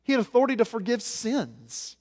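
High-voiced man preaching in a reverberant hall. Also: a little fast. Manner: animated preaching, swinging between loud emphasis and soft low asides. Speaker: pastor. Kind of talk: sermon.

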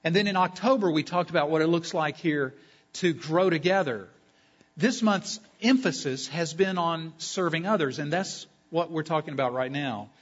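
A fairly high, husky male voice delivering a sermon at a church service. He is emphatic, stacks up long lists and slows down to stress key phrases. The recording is dull and lo-fi. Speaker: pastor.

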